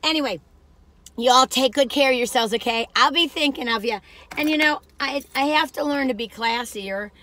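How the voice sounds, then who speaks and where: Woman, casual chat in a car, rambling, self-deprecating, bright forceful tone, worn-out voice. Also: sits high, normal speed. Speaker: vlogger. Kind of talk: casual chat while driving.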